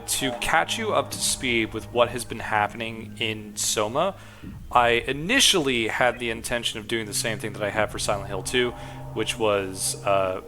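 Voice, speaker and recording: A man's voice: mid-range voice, sharp tone. A young man, a streamer, casually recapping a game story in a rambling way with lots of fillers.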